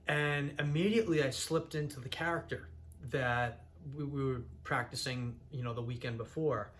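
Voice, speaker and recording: A man's voice: medium pitch, normal speed, a bit bright. A young man from Massachusetts, telling his own story in an earnest, rambling way with frequent restarts. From Massachusetts, USA. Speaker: channel host sharing his own story. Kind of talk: candid personal storytelling.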